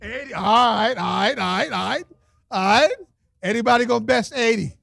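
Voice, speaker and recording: High-voiced joking auctioneer man. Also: brisk, gravelly, fairly bright tone, dry recording. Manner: playful, teasing, street slang, laughs often. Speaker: auctioneer at a fundraiser. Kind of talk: lively joking fundraiser auction. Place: event hall with audience.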